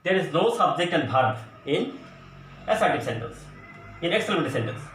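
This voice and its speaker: A man teaching an English grammar lesson at a board, explaining slowly and going over each example again. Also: on the high side, big pitch swings, fairly bright tone, soft background music. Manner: slow, deliberate explaining with repeated examples. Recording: echoey room, voice from a distance, faint noise.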